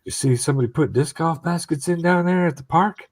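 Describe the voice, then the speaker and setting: A man doing a nosy highway department worker. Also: fairly quick, natural voice. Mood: curious.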